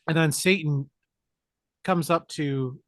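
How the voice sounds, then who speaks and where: Animated man recapping a movie. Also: on the high side, slow pace, no echo, clean studio sound. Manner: animated, jokey retelling with put-on character lines. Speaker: podcast co-host. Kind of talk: casual movie recap chat.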